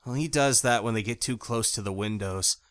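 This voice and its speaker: A male audiobook narrator voicing a fierce, blunt young woman with a hot temper who gives sharp, curt retorts. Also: medium pitch, a little fast, no echo, studio quality, natural voice. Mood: wry. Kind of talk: audiobook character voice.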